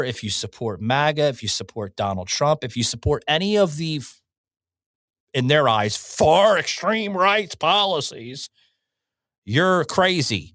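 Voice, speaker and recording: On his opinion podcast, a man with a medium-pitched, slightly bright voice rants heatedly, swearing a lot and hammering the same short slogans again and again. The studio-quality sound has no room tone at all.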